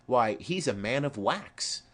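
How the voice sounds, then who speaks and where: A man's voice: medium pitch, lively intonation, slow pace, a bit bright. Rambling old nurse, read by a man. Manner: rambling, digressive storytelling. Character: chattering elderly woman nurse, rambling and fond. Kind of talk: audiobook reading of a play.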